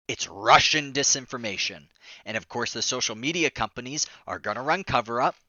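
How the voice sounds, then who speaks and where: A man hosting a political commentary vlog, excitable and indignant, exclaiming often. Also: medium pitch, no echo, dull audio.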